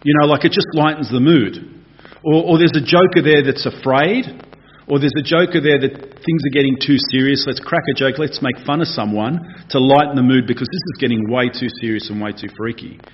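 A man preaching a conversational, animated expository sermon. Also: mid-range voice, brisk, slight background noise. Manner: animated, conversational, acts out voices. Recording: dull lo-fi recording.

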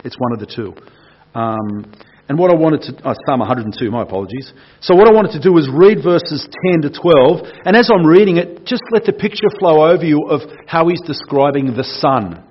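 A man's voice: fairly high pitch, lively intonation, fairly quick, slightly rough, lo-fi sound. A man preaching a casual sermon in church, explaining a passage, reading it aloud and putting questions to the congregation.

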